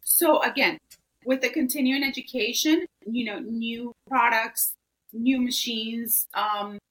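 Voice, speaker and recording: A woman's voice: on the high side, slow pace, fairly bright tone, low-quality recording. A woman guest in an interview, talking earnestly with many "you know" fillers. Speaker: guest, esthetician. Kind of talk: interview answers, storytelling.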